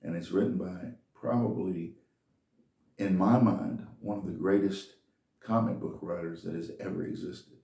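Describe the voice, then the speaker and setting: A man's voice: sits low, fairly even intonation, unhurried, creaky, warm tone, reverberant, far from the mic. A man telling a folksy, rambling story in a casual monologue.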